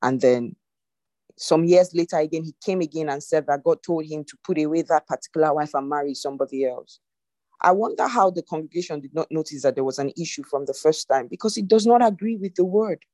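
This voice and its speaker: A woman's voice: low voice, a little fast, dark tone, no room sound. A woman preaching an earnest, exhorting sermon to an online congregation over a video call. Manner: earnest, exhorting, often rising in emphasis. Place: online meeting.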